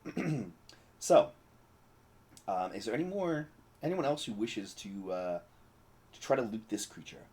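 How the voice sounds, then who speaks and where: Low-voiced laid-back game master. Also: male voice, sing-song, unhurried, pauses often, a little mellow, breathy edge. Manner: rambling, full of fillers and laughs. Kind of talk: narrating a tabletop game.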